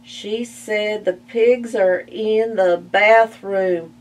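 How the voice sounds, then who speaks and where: A woman's voice: medium pitch, steady tone, drawn-out words, voice pushed up. A woman voicing two wry, mocking farm animals in a picture-book reading.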